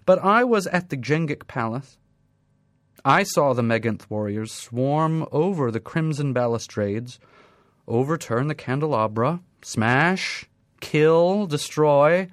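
A man's voice: on the high side, expressive, slow pace, dry recording, clean studio sound. A man reading aloud as a male robot giving grave, stately and formal testimony. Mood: solemn grave. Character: male robot, solemn, loyal, grandly eloquent.

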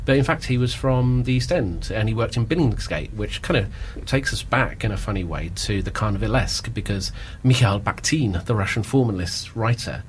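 A man chats as a podcast guest, thinking aloud with plenty of ums. His voice sits on the low side, and a faint ambient hum runs underneath. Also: moderate pace, few pauses. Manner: reflective, discursive, many ums. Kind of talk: casual podcast conversation.

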